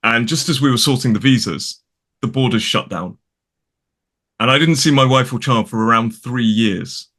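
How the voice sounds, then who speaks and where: A man with a British English accent, an English teacher talking casually as a guest from a home studio in a spare room, chatty and quick to correct himself. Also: medium pitch, fairly bright tone. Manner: chatty, self-correcting, laughs often. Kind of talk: casual conversation.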